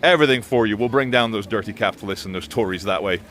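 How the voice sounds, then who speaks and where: An eager, breezy doctor rattles off offers in a fairly low, everyday voice, as a man puts him on. He sounds quick and accommodating, close to the speaker's own tone. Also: a bit bright, a little hiss or hum, lightly acted. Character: eager left-wing doctor man signing up benefits.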